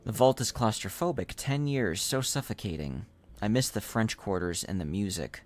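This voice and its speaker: A man's voice: on the low side, moderate pace. A man streaming a video game, thinking aloud in a hesitant, self-correcting way. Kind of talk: casual game commentary.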